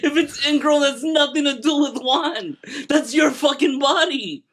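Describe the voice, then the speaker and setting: A man's voice: very high voice, a little slow, a bit bright. A young man co-hosting a podcast, teasing his friends in casual chat and laughing often. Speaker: podcast co-host.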